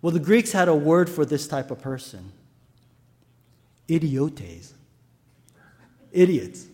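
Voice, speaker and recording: A man's voice: a little high, sing-song, takes it slowly, darkish tone, big-room sound. A male pastor preaching a sermon, telling stories and asking the congregation rhetorical questions.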